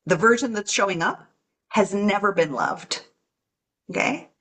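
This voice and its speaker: A woman's voice: mid-range voice, animated, a little slow, fairly bright tone, husky. A woman talking earnestly about self-love on a podcast, acting out her inner voices with gasps. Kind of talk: casual podcast chat.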